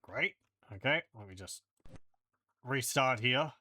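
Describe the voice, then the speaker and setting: A man's voice: medium pitch, animated, takes it slowly, sharp tone, no room sound. A man playing through a retro role-playing game, thinking aloud and reading out game text and combat results. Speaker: let's play host. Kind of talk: casual gameplay commentary.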